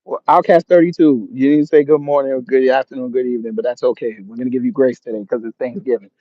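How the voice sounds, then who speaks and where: A man's voice: medium pitch, fairly even intonation, quick pace, dry recording. A man of Jamaican background hosting a livestream, reading out chat comments and answering them with sarcasm and laughter. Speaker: livestream host. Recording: dull lo-fi stream audio.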